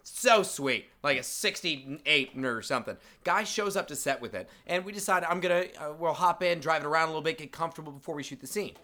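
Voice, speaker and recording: A man casually telling a story to friends on a podcast, loud and animated, swearing freely. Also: on the high side, a little fast, hardly any pauses. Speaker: podcast co-host.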